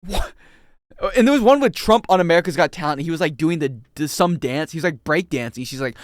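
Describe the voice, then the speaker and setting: A man's voice: fast talker, no echo, studio quality. A young man streaming a video game, rambling and joking casually with his chat. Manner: rambling, joking, animated swings in pitch.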